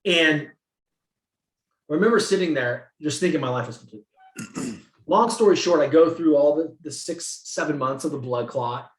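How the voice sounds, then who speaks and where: A man from the San Francisco Bay Area, a guest in an interview, telling his story in an animated, profane way and acting out what people said. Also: on the high side, normal speed, long pauses. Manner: animated, profane, acts out quotes. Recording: roomy echo.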